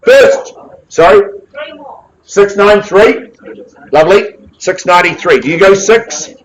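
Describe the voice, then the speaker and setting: A man calling a live property auction, jovial and brisk, joking with bidders between calls. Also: high voice, low-quality recording. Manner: brisk, jovial patter with quick asides to bidders. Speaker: real estate auctioneer. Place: auction room with bidders present.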